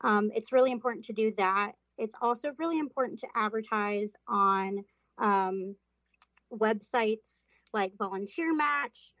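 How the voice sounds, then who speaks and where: A woman's voice: medium pitch, unhurried, fairly bright tone, dry recording. A woman from Florida, a volunteer manager and podcast guest, answers questions earnestly with many ums. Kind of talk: interview answers. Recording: dull, dry remote recording.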